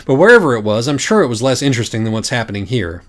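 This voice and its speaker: A man voicing an exasperated, swearing young man who yells at the story itself. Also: mid-range voice, sing-song, racing, pitched above the performer's own voice. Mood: smug. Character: exasperated, foul-mouthed young male narrator character.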